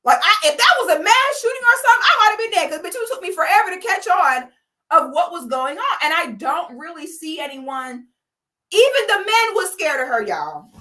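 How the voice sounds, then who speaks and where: A woman hosting a casual livestream, telling a story with animated quoting and reading viewer comments aloud. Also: extremely high pitch, a little fast. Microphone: camera or phone mic on a live stream.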